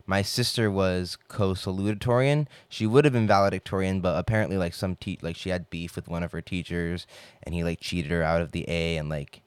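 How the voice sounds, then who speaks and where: A man's voice: deep voice, steady tone, a little fast, clear, resonant tone, dry recording. A young man telling stories in a casual podcast monologue, rambling and swearing with lots of filler words.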